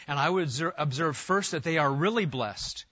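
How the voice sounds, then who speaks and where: Pastor type, man from Nebraska, forceful, emphatic sermon delivery on a muffled lo-fi recording. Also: a little high, moderate pace, husky. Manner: emphatic preaching with rhetorical questions and repetition.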